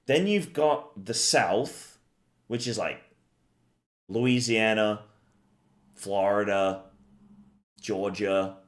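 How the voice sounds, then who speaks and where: A tired young man streaming a game, rambling and swearing casually as he chats with viewers. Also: fairly low pitch.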